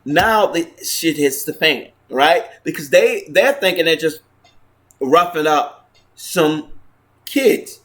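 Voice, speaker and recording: A man with a somewhat high-pitched voice tells a personal story straight to camera. He talks earnestly and restarts his sentences often, repeating words as he goes. He keeps tagging his lines with a questioning "right?". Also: lively intonation, slow, fairly bright tone. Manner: earnest, retelling events with frequent 'right?' tags. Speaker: vlogger.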